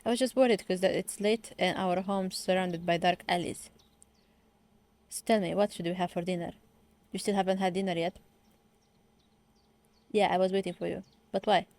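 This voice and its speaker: An easygoing young man from a webtoon who talks in a breezy, matter-of-fact way, read out by a woman. He sounds relaxed and sure of himself. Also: lowish voice, moderate pace, long pauses, natural voice.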